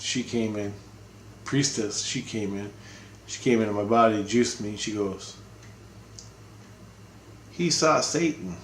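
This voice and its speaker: A man's voice: fairly low pitch, echoey room, a little hiss or hum. A man giving a casual, rambling video update, talking bluntly and swearing freely. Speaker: spiritual vlogger.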